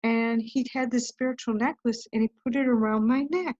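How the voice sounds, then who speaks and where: A woman's voice: fairly high pitch, fairly even intonation, normal speed, a little mellow, no room sound, dull audio. A woman guest telling a personal story in a casual, chatty way, often saying "I'm like". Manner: chatty, recounts events with lots of "I'm like". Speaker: podcast guest.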